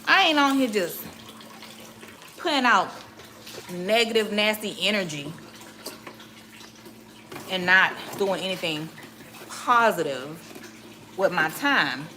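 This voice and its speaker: Caribbean-American Miami woman, livestream host, blunt and profane, bright lively voice, faint room noise. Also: mid-range voice, slow, long pauses. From Miami, Florida. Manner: blunt, profane, animated storytelling. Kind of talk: casual livestream chat while cleaning.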